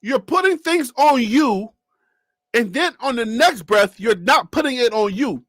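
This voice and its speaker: High, lively man reacting to sports. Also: normal speed, dry recording, clean studio sound. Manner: animated, joking, repeats himself. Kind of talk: live reaction commentary.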